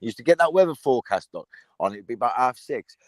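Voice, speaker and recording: A man's voice: mid-range voice, animated, fast, a little mellow, no room sound. An older grandfather chatting casually in laid-back banter. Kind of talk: casual chat.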